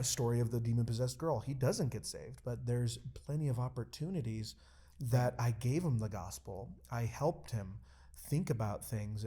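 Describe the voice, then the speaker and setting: A man, a pastor, telling a story in casual podcast chat, halting with fillers at times and acting out quoted lines with rising excitement. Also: mid-range voice. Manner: animated storytelling, acts out quoted dialogue; halting, many fillers and restarts.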